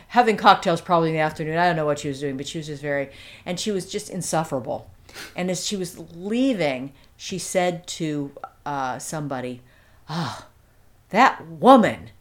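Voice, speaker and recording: Speaking in a low voice, this interview guest tells a story conversationally and casually. Her telling wanders, with restarted sentences and asides, and now and then she grows animated and amused.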